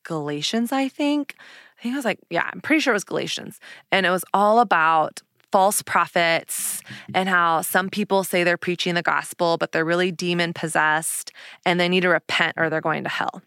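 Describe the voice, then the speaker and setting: A woman hosts her own podcast and tells a personal story in a candid, lively way, full of casual fillers. Her voice sits a little low, and the close mic sound is dry. Her delivery is relaxed and conversational. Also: normal speed, no echo. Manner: candid, animated retelling with laughs and fillers. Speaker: podcast host.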